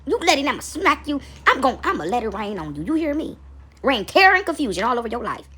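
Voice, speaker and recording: A woman's voice: sits high, big pitch swings, fast, bright, forceful tone, husky, full character voice. A woman voicing a stern God who bluntly warns and threatens in slang. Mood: stern warning. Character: stern all-powerful God warning a believer.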